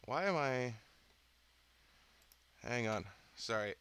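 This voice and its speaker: Bright, clear-voiced man talking casually. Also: mid-range voice, expressive, takes it slowly. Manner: chatty, self-interrupting, candid. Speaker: channel host. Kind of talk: casual rambling monologue.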